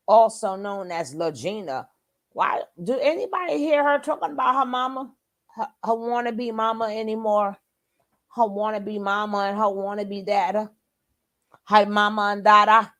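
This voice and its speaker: Chatty, scoffing woman commentator. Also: mid-range voice. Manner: chatty, scoffing, rhetorical questions. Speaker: commentary channel host. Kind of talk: casual reaction commentary.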